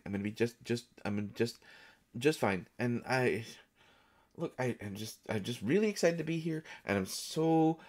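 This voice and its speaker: A man plays a jittery, over-caffeinated actor in an audio role-play, his mid-pitched voice tripping over itself. He stammers and repeats words nervously, then pushes on.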